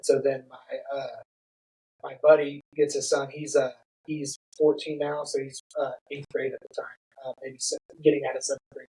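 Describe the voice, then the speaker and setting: A man's voice: medium pitch, normal speed, rough recording. A middle-aged man casually telling a story on a podcast, laughing and acting out what people said. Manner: animated, laughing, acts out quotes. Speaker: podcast guest.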